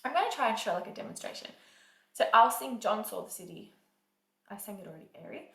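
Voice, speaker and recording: A woman's voice: medium pitch, expressive, fast, gravelly, fairly bright tone. A woman teaching singing in a casual, chatty way, often saying "like" and "um" as she explains. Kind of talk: casual vocal lesson. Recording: echoey room.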